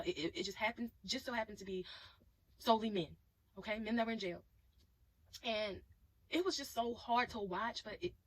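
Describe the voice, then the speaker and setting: Woman vlogger, kinda high voice, going off to the camera about a movie, says y'all a lot. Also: breathy edge, no room sound, low-quality recording. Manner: emphatic, talks straight to viewers as "y'all". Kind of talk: casual direct-to-camera movie reaction.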